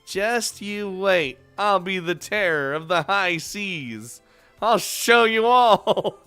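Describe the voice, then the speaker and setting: A bubbly teenage girl from a visual novel bellows mock-pirate threats in a raised, bright voice, as a man puts her on. The tone is crisp and clean, and the swagger is played big and playful. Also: on the high side, lively intonation, slow, faint music behind, voice pushed up, full character voice. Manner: loud, boisterous mock-pirate bravado.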